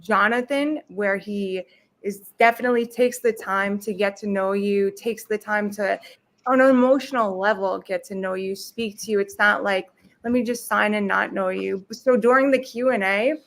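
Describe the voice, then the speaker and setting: A woman's voice: mid-range voice, moderate pace. A woman guest telling her story in a casual, emotional way, fumbling over her words.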